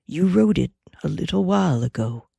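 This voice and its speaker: A woman voicing a grave, gentle young cowpuncher who talks in plain folksy Western speech, slow and earnest. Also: on the low side, animated, gravelly, slightly rough, no echo, full character voice.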